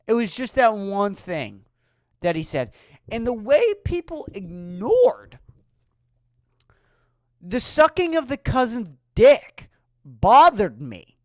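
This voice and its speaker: Slow, sarcastic ranting woman. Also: fairly high pitch, big pitch swings, dry recording, studio quality. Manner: profane, sarcastic, rhetorical questioning. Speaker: podcast host. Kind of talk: solo podcast rant.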